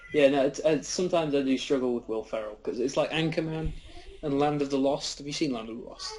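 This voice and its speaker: A young man co-hosting a podcast, chatting casually about films with relaxed, short replies and questions. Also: mid-range voice, fairly quick, a little hiss or hum, rough recording. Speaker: podcast co-host.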